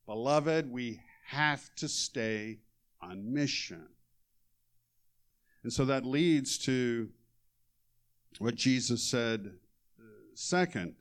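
Male pastor, unhurried sermon delivery, mid-pitched voice, emphatic scripture reading. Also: animated. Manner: slow, measured preaching with emphatic scripture reading.

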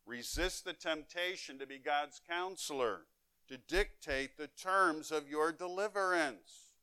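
A man pastor preaching a sermon, with emphatic delivery that swings between loud and soft and between fast and drawn out. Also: mid-range voice, smooth, dry recording. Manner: emphatic preaching with wide swings in loudness and pace.

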